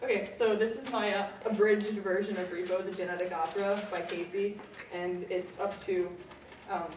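A woman's voice: medium pitch, steady tone, normal speed, noisy background. A woman casually retelling a story for laughs, giggly and rambling. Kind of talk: casual comic plot retelling. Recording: echoey room, far mic, crowd chatter.

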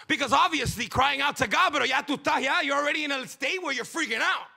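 High, gravelly-voiced preaching pastor. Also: male voice, fast talker, few pauses. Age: young adult. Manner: preaches with rising shouts and sudden hushed drops. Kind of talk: sermon.

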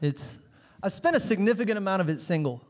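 A man's voice: sits high, expressive, fast, slight background noise. Stand-up comedian man on a reverberant stage. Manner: storytelling with acted-out quotes and sudden shouted punchlines. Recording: live in a large reverberant venue.

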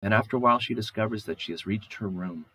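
A man's voice: fairly low pitch, fast talker, pushed and bright, slight background noise, low-quality recording. A male professor lecturing on a short story, reading passages aloud and talking in a loose, conversational way with many fillers. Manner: conversational, many "you know" and "okay" fillers. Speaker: literature professor.

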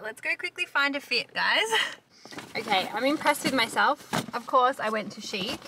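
Young Australian woman vlogger, bright and slightly high voice, candid and chatty. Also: slight background noise. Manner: chatty and candid, swears casually. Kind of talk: casual vlog chat.

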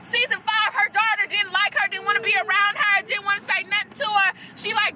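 Profane, animated young woman ranting. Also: very high-pitched, fairly quick, hardly any pauses, crowd noise, noisy background. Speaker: TV review vlogger. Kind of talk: casual ranting review.

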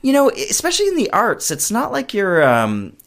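A man's voice: high-pitched, wildly swooping pitch, fairly quick, a bit bright. A man being interviewed about his puppet shows, chatting casually and rambling, often trailing off mid-sentence. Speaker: guest, puppet show creator.

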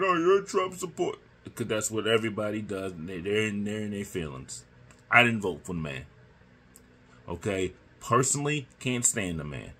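A man hosting his own podcast, giving slow, emphatic political commentary and repeating his points. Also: deep voice, fairly bright tone, husky. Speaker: podcast host.

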